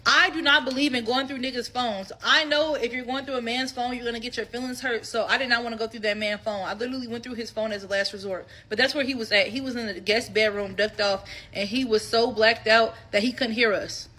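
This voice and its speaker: A woman in her twenties casually telling a personal story to her viewers, candid, animated and freely profane. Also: on the high side, a little fast, hardly any pauses. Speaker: storytime vlogger.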